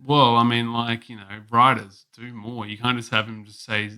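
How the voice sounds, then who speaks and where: A man's voice: mid-range voice, flat delivery, normal speed, smooth. A man co-hosting a casual film review podcast, joking sarcastically with crude humor. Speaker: podcast co-host. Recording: quiet, softly recorded audio.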